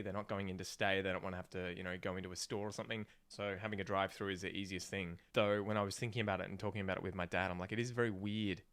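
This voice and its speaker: A man's voice: low-pitched, a bit bright. A young adult man with an Australian accent, chatting casually on a stream and explaining local slang. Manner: explains slang with playful put-on phrases. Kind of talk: casual chat.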